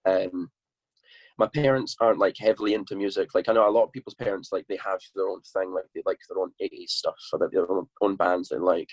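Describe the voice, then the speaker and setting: A man's voice: deep voice, fairly even intonation, quick pace, no echo. A young Scottish man chatting casually and bluntly as a podcast guest, swearing freely. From Scotland.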